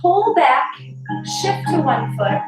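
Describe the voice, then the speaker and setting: A woman's voice: high voice, animated, slow. A woman teaching a ballet class, chatty and encouraging as she calls out steps and counts while she demonstrates, a little out of breath. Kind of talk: live online dance class instruction. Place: dance studio, large room. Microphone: far camera mic. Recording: echoey room, far from the mic. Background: piano class music playing.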